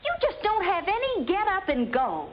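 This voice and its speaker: A woman's voice: extremely high pitch, wildly swooping pitch, exaggerated voice. A bossy scheming young woman. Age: young adult. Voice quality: brisk, bossy. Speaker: daughter. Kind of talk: 1950s sitcom acting. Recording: dull lo-fi 1950s TV audio with music.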